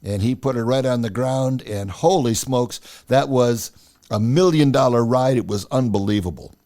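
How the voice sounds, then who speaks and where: A man's voice: medium pitch, normal speed. A man hosting a podcast, telling a personal story in a casual way and acting out the dialogue as he goes. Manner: animated, acts out the dialogue. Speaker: podcast host.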